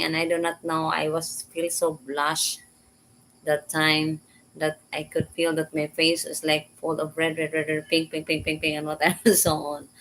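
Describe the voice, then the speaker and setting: A woman casually telling a personal story in halting, repetitive English. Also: low-pitched, a little hiss or hum, low-quality recording. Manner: halting, repeats words, simple learner English.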